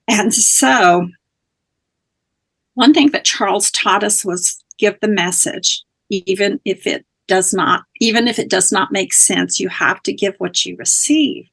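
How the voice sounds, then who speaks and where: A woman's voice: medium pitch, unhurried, creaky, a bit bright, breathy edge. A woman guest, a spiritual teacher, earnestly telling a personal story in conversation, with small restarts.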